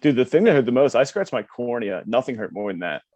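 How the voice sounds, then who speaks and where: A man's voice: medium pitch, expressive, fast talker, darkish tone, dry recording. A man co-hosting a podcast in a laid-back way, teasing his co-host and laughing along. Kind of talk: casual chat.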